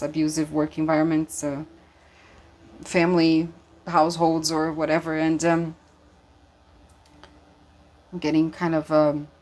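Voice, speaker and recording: In a low, slightly mellow voice, a female tarot reader delivers an intuitive reading earnestly and emphatically. Many fillers and restarts break up her speech, and she is emotional and moved.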